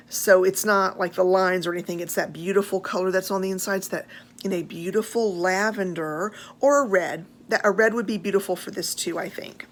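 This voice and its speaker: An American woman vlogging casually about handbags, chatty and gushing, with frequent fillers and drawn-out admiration. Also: mid-range voice, a little hiss or hum. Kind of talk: casual show-and-tell chat.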